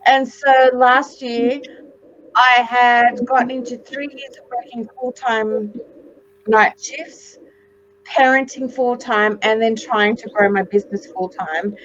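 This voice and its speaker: A woman in her forties with a fairly high voice tells her stories in a big, dramatic, animated way. She swears casually and throws herself into each anecdote. The sound is muffled and lo-fi, like a video call. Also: takes it slowly. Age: 40s. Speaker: guest, psychic medium. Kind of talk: casual video interview chat.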